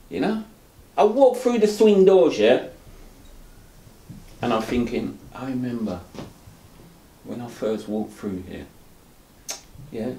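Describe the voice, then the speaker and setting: Speaking slowly with long pauses, a man with a warm, medium-pitched, animated voice opens up in an interview as a dialysis patient. He rambles with frequent "you know"s and rueful laughs, and the recording has a roomy echo.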